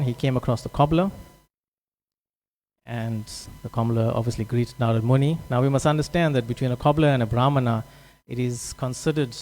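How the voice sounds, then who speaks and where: A man retells a scripture story to a class in a relaxed, casual way. His voice is mellow and warm, and he often stops to fix a slip. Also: mid-range voice, rough recording. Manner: casual retelling with frequent self-corrections.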